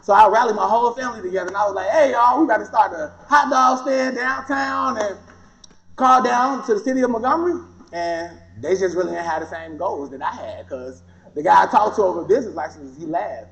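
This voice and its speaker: A man's voice: high voice, fast, creaky. A man giving a personal testimony talk, telling his story with animation and acting out what others said. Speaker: guest speaker. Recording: dull lo-fi recording.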